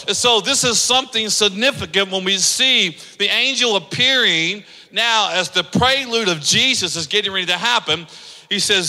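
A man's voice: high voice, moderate pace, sharp tone, big-room sound, low-quality recording. A man preaching a sermon as pastor, emphatic and calling on the congregation to read along. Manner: emphatic, leads the congregation in reading aloud.

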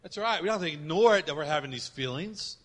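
Male pastor, sermon, slightly high and bright, big loud-soft swings, long church reverb. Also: expressive, fast talker, breathy edge. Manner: emphatic preaching with sharp swings between loud and soft. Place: church sanctuary with congregation. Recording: reverberant hall.

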